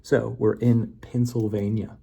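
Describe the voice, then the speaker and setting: A man's voice: lowish voice, flat delivery, a little slow, gravelly, mellow, husky. A man giving a casual, rambling monologue that builds a memory story, playful and correcting himself as he goes. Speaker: vlogger.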